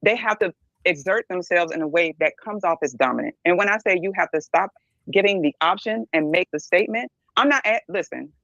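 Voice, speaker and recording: A woman's voice: on the low side, animated, fairly quick, a bit bright, no room sound, dull audio. A middle-aged woman speaking bluntly and emphatically as a podcast guest, often checking in with "right?". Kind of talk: candid podcast discussion.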